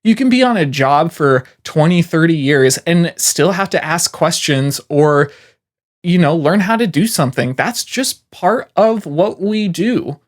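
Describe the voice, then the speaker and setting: Encouraging man with a higher voice. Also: expressive, unhurried. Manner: encouraging, conversational, frequent "you know". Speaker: voiceover artist. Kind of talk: advice talk to beginner freelancers.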